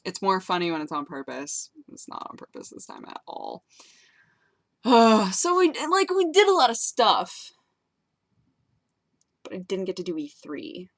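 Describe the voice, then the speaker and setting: A woman's voice: medium pitch, wildly swooping pitch, measured pace, long pauses, no room sound. A young woman vlogging to her viewers in a bubbly, rambling way, giggling as she tells a story. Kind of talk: casual chat to camera.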